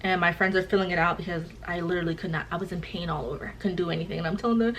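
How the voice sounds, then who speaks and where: Young woman, animated casual storytelling, faint room hum behind. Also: fairly low pitch, very fast, few pauses, dull audio. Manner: animated, acts out quoted voices. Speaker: vlogger.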